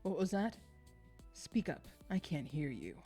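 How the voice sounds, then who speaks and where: Low and dark in tone yet very animated, a woman's voice moves at a measured pace with faint music underneath. She reads a game's lines for an overbearing, passive-aggressive middle-aged father, sounding lecturing and condescending.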